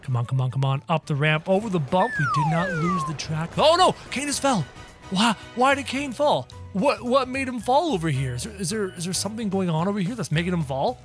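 A young man hosting a gaming channel, giving excited gameplay commentary and narrating every move to viewers. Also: sits high, brisk, few pauses. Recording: faint game music behind.

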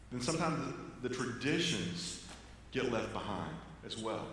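A male pastor delivers an earnest sermon in a church sanctuary, his voice rising for emphasis and falling low for quieter points. The hall is very reverberant, with a long tail on every phrase and a faint hum of room noise underneath.

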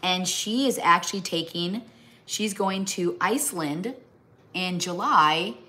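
This chatty woman with a lower voice streams from home, at a kitchen or craft table, making casual conversation while she crafts. She's from the American Midwest, rambles, and talks to her pets mid-sentence, with a slow, bright, forceful delivery.

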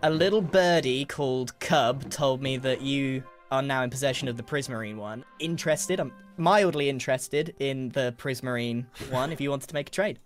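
A man with a mid-pitched voice makes a persuasive sales pitch in a casual game chat. He talks in a smooth, salesman-like way, with faint music behind him. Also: moderate pace, few pauses. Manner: wheedling salesman pitch, then giving in. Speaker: Minecraft player.

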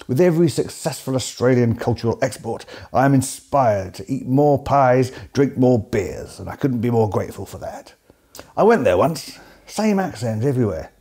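A man's voice: medium pitch, animated, moderate pace, warm tone, slightly rough. A man from England narrating a comedy piece in a dry, mock-serious, sarcastic way. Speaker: comedy host. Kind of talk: deadpan comic narration.

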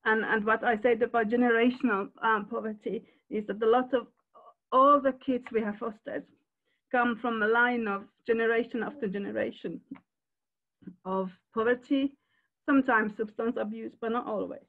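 An older woman, a foster carer, speaking haltingly and emotionally over a video call. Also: a little high, fairly even intonation. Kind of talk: sharing in a Q&A. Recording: tinny phone-like call audio.

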